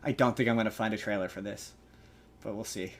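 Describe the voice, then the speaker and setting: A man's voice: on the low side, fairly even intonation, fast. A man hosting a podcast, steering casual chat in a playful way and laughing easily. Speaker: podcast host.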